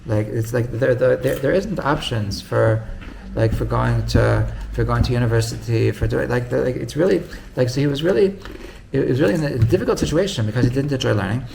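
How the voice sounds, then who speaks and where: A man's voice: medium pitch, brisk, vocal fry, few pauses, background noise. A man, a rabbi, telling a story in a casual, rambling way with many restarts. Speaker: rabbi teaching.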